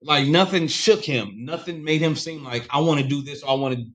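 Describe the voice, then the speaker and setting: A man's voice: fairly high pitch, brisk. A man on a podcast telling a rambling, profane story in casual chat.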